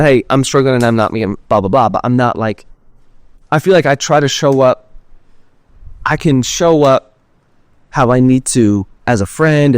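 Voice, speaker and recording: A man's voice: medium pitch, darkish tone, no echo. Candid rambling young man, dry sound. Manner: rambling, heavy use of "like", candid and swearing. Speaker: podcast host. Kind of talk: casual personal storytelling.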